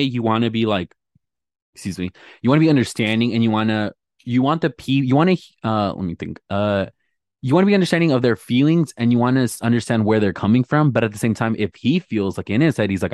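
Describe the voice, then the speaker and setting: A man's voice: fairly low pitch, dry recording. Male podcast co-host, chatty gossip recap, dry close sound. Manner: chatty, animated retelling with quoted voices. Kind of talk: casual reality TV gossip chat.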